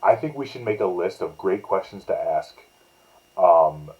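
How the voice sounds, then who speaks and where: A man's voice: low voice, expressive, unhurried, dull audio. A man co-hosting a casual podcast, joking with dry one-liners. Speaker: podcast co-host. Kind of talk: casual chat. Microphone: remote call mic.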